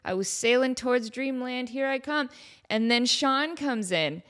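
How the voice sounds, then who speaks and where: A woman's voice: high-pitched, expressive, measured pace, fairly bright tone. A woman hosting her own podcast, chatting casually in a playful, self-mocking way with rambling asides. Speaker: podcast host. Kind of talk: casual solo chat.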